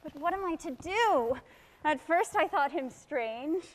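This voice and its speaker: A woman's voice: high voice, expressive, a little slow, long reverb tail, rough recording. A woman playing a passionate, restless young married woman in an amateur stage drama, speaking in a heartfelt, confessional way. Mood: confessing.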